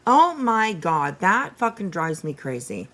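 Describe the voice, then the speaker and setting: A woman's voice: fairly low pitch, very animated, measured pace, fairly bright tone. A woman hosting a casual reaction commentary, profane and exasperated, laughing often as she reacts to clips. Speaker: host reacting to stream clips.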